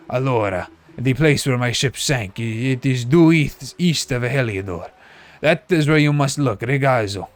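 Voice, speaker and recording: A man's voice: mid-range voice, lightly acted. A man voicing an old Italian former sea captain, telling his tale in broken English with a put-on Italian accent.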